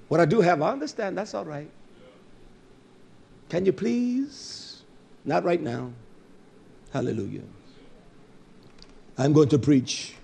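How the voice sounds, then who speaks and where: A man preaching a fervent, scolding sermon, swinging between loud bursts and low murmurs and calling out hallelujah. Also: animated, takes it slowly, gravelly, long pauses, breathy edge.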